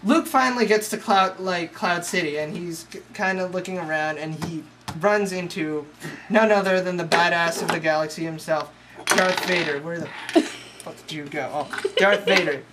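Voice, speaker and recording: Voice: medium pitch, moderate pace. A young adult casually retelling a movie as a comedy recap, rambling, profane and full of "like.". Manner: slangy, profane, rambling with lots of "like". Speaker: storyteller. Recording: noisy home recording.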